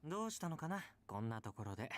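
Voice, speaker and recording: A gentle, teasing young mafia gentleman from a game, soft and smooth, slipping into hushed asides. He talks very quickly, with a lively, swinging pitch. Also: slight background noise. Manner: soft, teasing, drops to whispers. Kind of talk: Japanese video game voice acting.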